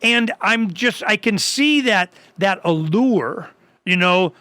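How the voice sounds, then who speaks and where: A man hosting a talk radio show, chatting casually in a rambling way with many restarts and lively acted-out quotes. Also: high voice, moderate pace, no room sound.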